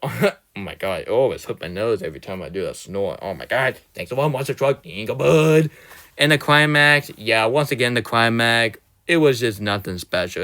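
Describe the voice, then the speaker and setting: Smooth-voiced young man ranting. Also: medium pitch, fairly bright tone. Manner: rambling, exasperated, loose grammar. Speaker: movie reviewer. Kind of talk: casual movie rant.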